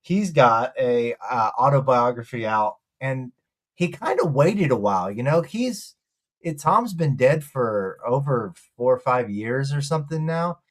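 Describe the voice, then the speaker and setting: A man's voice: medium pitch, expressive, a little slow. A man co-hosting a casual talk show, enthusiastic as he recommends things. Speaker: co-host. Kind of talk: casual chat.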